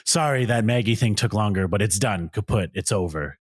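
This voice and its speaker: A man co-hosting a podcast, recapping a movie in casual chat, relaxed storytelling with quoted asides. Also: fairly low pitch, fairly quick, husky, no echo, studio quality. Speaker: podcast co-host.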